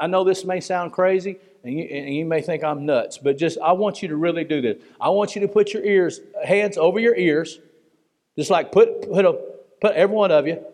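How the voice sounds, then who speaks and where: A man preaching a fervent, emotional sermon in a church, swinging between loud pleading and hushed tones. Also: high voice, big-room sound. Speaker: pastor.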